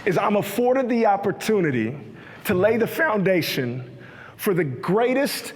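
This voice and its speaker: A man voicing a proud, confident working bricklayer who speaks with measured purpose. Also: sits high, sing-song. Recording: echoey hall.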